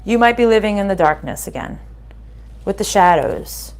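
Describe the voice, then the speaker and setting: A woman's voice: medium pitch, animated, normal speed. Chatty woman giving a card reading. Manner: chatty and reassuring, laughs often, repeats "right?" and "okay?". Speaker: spiritual card reader. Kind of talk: casual spiritual reading to viewers.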